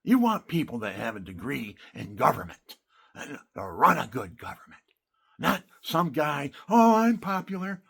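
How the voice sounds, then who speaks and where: A man delivering a rambling, indignant rant, swinging from loud outbursts to hushed asides. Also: medium pitch, very animated, moderate pace, vocal fry, breathy edge.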